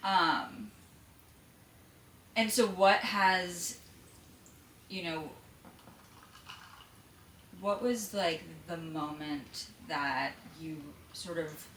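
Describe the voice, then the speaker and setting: A woman's voice: on the low side, drawn-out words, pauses often, fairly bright tone, slight background noise. A woman hosting a podcast interview, asking rambling, hesitant questions full of fillers. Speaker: podcast host. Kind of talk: casual interview chat. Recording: echoey room, slightly distant mic.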